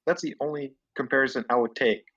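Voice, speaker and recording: A man's voice: mid-range voice, fast, fairly bright tone. Man, insistent, argumentative, rambling, casual podcast debate, distant from the mic, dull muffled sound. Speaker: co-host debating wrestlers.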